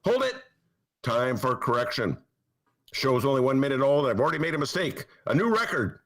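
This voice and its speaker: A man's voice: medium pitch, lively intonation, fairly quick, a bit bright. A man hosting a comedic political talk show from his apartment, sarcastic and mocking. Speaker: host and newspaper columnist. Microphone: headphones and mic.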